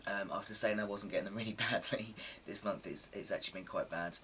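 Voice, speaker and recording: A man's voice: on the low side, fairly even intonation, quick pace, bright, forceful tone, slightly rough, distant mic. A man in casual chat to camera, rambling and self-deprecating with plenty of ums, his voice a little coarse from a sore throat. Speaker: vlogger.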